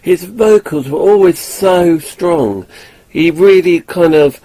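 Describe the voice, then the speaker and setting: A man's voice: high voice, slow, dark tone, poor audio. A man vlogging casually, chatting in a jokey, eager way. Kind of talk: casual vlog talk to camera.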